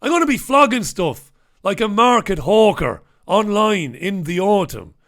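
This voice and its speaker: A man's voice: high voice, big pitch swings, a little slow, a bit bright. Chatty male host. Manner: chatty, joking, reads out viewers' names. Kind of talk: casual live-stream chat.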